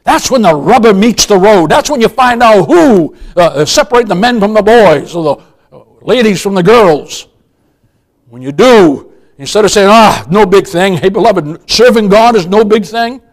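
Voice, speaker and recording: A man's voice: high-pitched, animated, normal speed, poor audio. An older man preaching a sermon as pastor, emphatic, often calling his listeners "beloved" and asking them questions. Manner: emphatic, repeats "beloved", asks the congregation questions.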